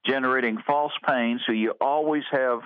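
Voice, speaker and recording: A man from Oklahoma calling into a radio show, explaining earnestly and haltingly. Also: medium pitch, fairly even intonation, clean tone, dry recording. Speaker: caller. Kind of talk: phone-in question. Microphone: telephone. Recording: tinny phone line.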